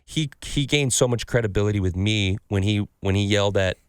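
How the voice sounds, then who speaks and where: A man's voice: fairly low pitch, brisk, clean tone, no room sound, clean studio sound. A man hosting a podcast, chatting casually about sports cards and telling stories with acted-out quotes and plenty of swearing. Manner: animated storyteller, swears freely, acts out quotes. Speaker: podcast host. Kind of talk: casual sports card chat.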